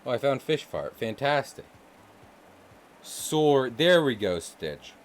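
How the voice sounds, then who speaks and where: Drawing live on stream, this artist jokes with viewers and laughs often in relaxed chat. He speaks slowly but very animatedly in a mid-range voice, with faint music behind him.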